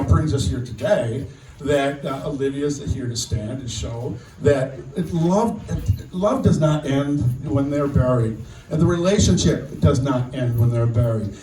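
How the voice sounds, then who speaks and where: An older man giving a memorial speech as guest speaker, telling a personal story in a halting way, often repeating words. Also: fairly high pitch, dark tone. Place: outdoor memorial gathering. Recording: distant echoey sound with faint noise.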